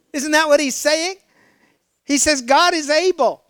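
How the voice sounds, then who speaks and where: Male preacher, high and clear, close and dry; emphatic sermon delivery with questions to the room. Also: unhurried, dry recording. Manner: emphatic, rising to loud exclamations; asks the congregation questions. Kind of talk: sermon with scripture reading.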